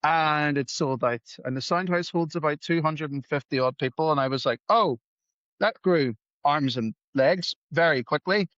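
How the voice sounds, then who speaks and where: A man's voice: a little high, moderate pace, a bit bright, no room sound. A man talks as a podcast guest, rambling through his stories with self-deprecating humor and acting out the lines of people he quotes. His recording sounds dry and a little dull, with no room around it. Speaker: podcast guest, musician and gig promoter. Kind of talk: casual storytelling.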